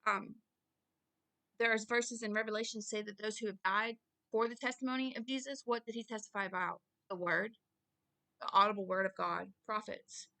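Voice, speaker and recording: A woman giving an informal Bible reading and sermon, earnest and growing loud and emphatic as she preaches. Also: medium pitch, steady tone, moderate pace. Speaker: self-styled preacher.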